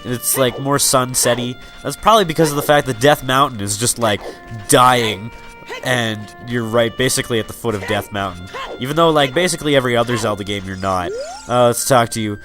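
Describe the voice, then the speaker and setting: A man's voice: mid-range voice, fairly quick. Young guy doing let's play commentary, lots of ums and likes, faint game music under it. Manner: rambling, joking, many fillers. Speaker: let's player. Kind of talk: casual gameplay commentary.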